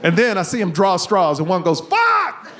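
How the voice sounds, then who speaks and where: A man with a high voice performs stand-up comedy on a live stage, swinging his voice around as he acts out the people in his story. The audience laughs loudly around him, and there is a steady hum of noise in the room. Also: fairly quick, over a noisy crowd. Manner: animated storyteller, acts out characters with big pitch jumps.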